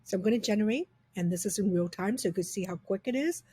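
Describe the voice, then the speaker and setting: Upbeat breathy woman demoing software. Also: mid-range voice, quick pace. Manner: upbeat, chatty, enthusiastic. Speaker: software reviewer. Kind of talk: casual screen-recorded software demo.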